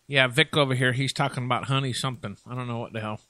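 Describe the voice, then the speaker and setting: A man's voice: medium pitch, fairly even intonation, quick pace, bright, forceful tone, no echo. A man hosting a casual radio chat show, rambling and joking with plenty of fillers.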